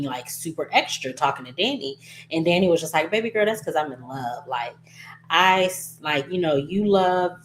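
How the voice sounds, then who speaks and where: A woman's voice: low voice, a little hiss or hum. A woman casually recapping a soap opera episode, chatty and gossipy, acting out lines and laughing as she goes.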